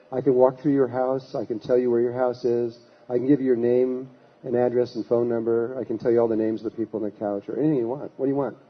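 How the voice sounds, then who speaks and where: A lecturer with a medium-pitched, slightly rough voice tells a long, rambling anecdote as part of a storytelling talk, acting out the voices of its characters. The recording is dull and lo-fi.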